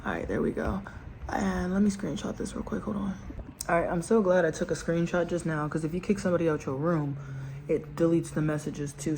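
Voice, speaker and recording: Here a woman with a low-sitting voice records a casual storytime vlog at home, her camera propped up in front. The audio is low quality, with a little hiss or hum. She rants in a lively way, laughing and using slang as she addresses her viewers directly.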